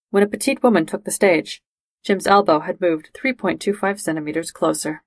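A woman's voice: on the low side, a little fast, no echo. Woman reading a story steadily. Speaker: reader. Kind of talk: reading fan fiction aloud.

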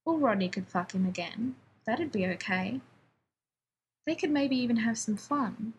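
A woman narrating fan fiction aloud in a calm, even storytelling voice. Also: a little high, unhurried, slight background noise, low-quality recording.

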